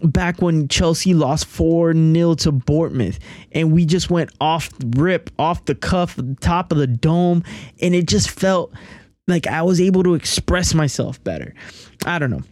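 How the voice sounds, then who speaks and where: A man hosting a podcast in casual chat, excitable and given to repeating himself. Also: on the high side, unhurried, no room sound, studio quality. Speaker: podcast host.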